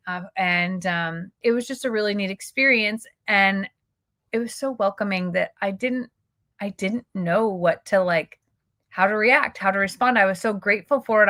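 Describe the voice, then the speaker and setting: Chatty bright-voiced woman. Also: a little high, no echo. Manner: chatty, emotional, quotes people in her stories. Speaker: YouTuber. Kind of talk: casual storytelling vlog.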